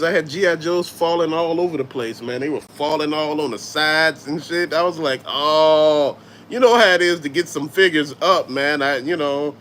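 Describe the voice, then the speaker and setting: A man's voice: medium pitch, a bit bright, slight background noise. A middle-aged man with a Southern US accent hosting a casual livestream, telling stories loosely and swearing freely while he answers chat. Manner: laid-back, swearing, storytelling, reads chat aloud. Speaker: toy collector livestream host.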